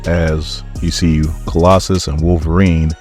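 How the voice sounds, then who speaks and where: A man's voice: very deep voice, flat delivery, a little slow, darkish tone, soft background music. A man casually recapping a comic book, jokey and irreverent, with asides to viewers.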